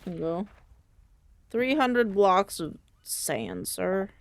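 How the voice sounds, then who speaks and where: A young woman streamer chatting casually while gaming, rambling playfully and thinking out loud. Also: mid-range voice, slow pace, no room sound.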